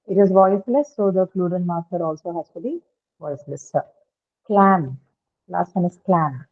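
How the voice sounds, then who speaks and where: A woman teaches pronunciation rules to a class, stopping often to ask whether everyone follows. Her voice comes through a narrow, phone-like video call line. She pauses with fillers as she works through each example. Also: on the low side. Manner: asks frequent check questions, many fillers. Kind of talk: online phonetics lesson. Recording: tinny phone-like call audio.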